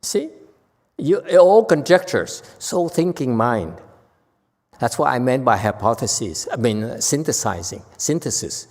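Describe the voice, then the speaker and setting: Animated, blunt man lecturing in a hall. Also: medium pitch, a little slow. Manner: animated, teasing, blunt, laughs often. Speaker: Buddhist master lecturing. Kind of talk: Dharma lecture. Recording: long hall reverb.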